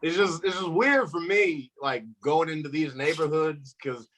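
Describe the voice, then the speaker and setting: A man's voice: fairly high pitch, moderate pace, a little hiss or hum. A young man doing a stand-up comedy set, telling stories and acting out the people in them. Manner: animated storytelling, acts out quoted voices.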